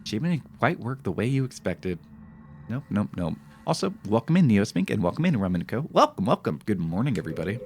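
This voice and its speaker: Lively low-voiced male game streamer. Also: fairly quick, background noise. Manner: animated, talks to chat and jokes about his fails. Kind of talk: live gameplay commentary.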